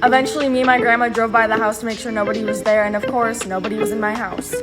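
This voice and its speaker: A young woman telling a casual story, excitable and full of slang. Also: on the high side, quick pace. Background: loud music.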